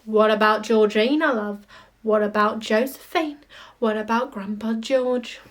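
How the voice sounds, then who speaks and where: A woman ranting in a casual vlog, animated, sweary and mocking. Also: a little high, unhurried. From United Kingdom. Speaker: vlogger. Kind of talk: casual ranting monologue to camera.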